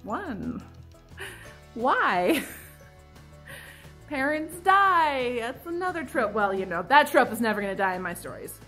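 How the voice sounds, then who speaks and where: A woman's voice: fairly high pitch, very animated, slow pace, long pauses, sharp tone, soft background music. A woman in her twenties vlogging casually about her own writing, dramatic and self-mocking, laughing often, with mock-anguished outbursts. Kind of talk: casual confessional vlog.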